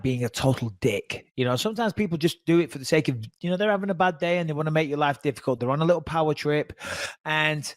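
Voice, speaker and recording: Man, middle-aged, podcast host, casual storytelling, animated, higher-pitched, dry studio sound. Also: no echo. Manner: animated, swears freely, acts out voices in anecdotes.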